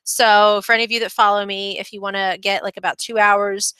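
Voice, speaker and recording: Chatty woman with a bright, clear voice. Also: mid-range voice, little pitch movement, brisk, no room sound. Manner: chatty, many fillers and restarts. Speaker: web design channel host. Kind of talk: casual screen-share update.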